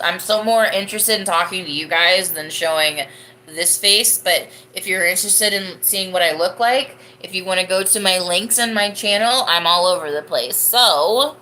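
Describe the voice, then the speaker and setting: A woman's voice: mid-range voice, pushed and bright, a little hiss or hum. A young woman hosting a live podcast, chatting casually and rambling as she answers viewer comments, laughing often. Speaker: livestream podcast host.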